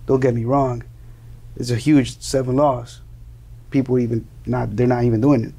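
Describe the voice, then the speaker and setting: A young man from Colombia speaks with a gravelly edge and a mellow, darker tone. He talks earnestly and often circles back over his words, restarting phrases while he finds what he wants to say. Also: mid-range voice, flat delivery, normal speed. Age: young adult. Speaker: interview guest. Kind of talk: earnest conversational storytelling.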